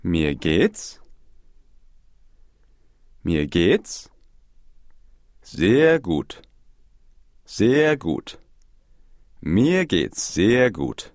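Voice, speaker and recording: Slow, deep-voiced man modeling phrases. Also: very animated, a little mellow, no room sound, studio quality. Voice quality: slow, carefully articulated. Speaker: native speaker model in a language course.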